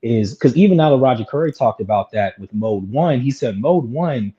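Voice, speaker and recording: A man joining a casual stream chat, chiming in with quick agreement and then making longer points. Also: mid-range voice, lively intonation, warm tone, breathy edge, highs cut off.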